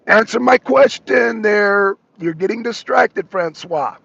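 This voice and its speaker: A man hosting a casual live debate, teasing and needling his guest as he hammers the same point again and again. His voice sits high and gravelly, with a husky edge. The lo-fi stream audio sounds dull and dry. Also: slow pace, few pauses, fairly bright tone, no room sound. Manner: mocking, repeats himself for emphasis. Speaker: talk show host debating a guest.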